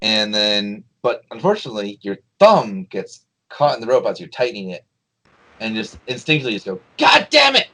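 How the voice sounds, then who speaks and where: Game master, man, lowish voice, halting narration with lots of restarts. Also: animated, bright, forceful tone, rough recording. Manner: hesitant, many restarts and fillers.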